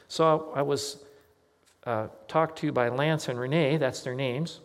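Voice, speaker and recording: A man preaches in a church, telling a story the way he would at a kitchen table and voicing each person he quotes. His voice sits in an ordinary middle pitch. A long reverb tail hangs after his words in a large hall. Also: steady tone, a little slow. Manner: conversational, anecdotal, acts out quoted dialogue. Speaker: pastor.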